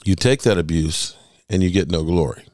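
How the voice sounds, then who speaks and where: A man's voice: low voice, moderate pace, a little mellow, no echo, studio quality. A man hosting a sports podcast, talking emphatically in solo commentary and stretching words for emphasis.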